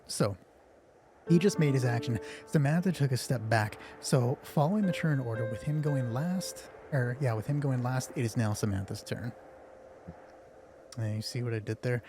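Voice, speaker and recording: Jokey, nervous male game master. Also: mid-range voice. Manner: joking, self-mocking and chatty. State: a little nervous. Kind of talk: narrating a tabletop game on a live stream. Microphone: headphones on, streaming from home.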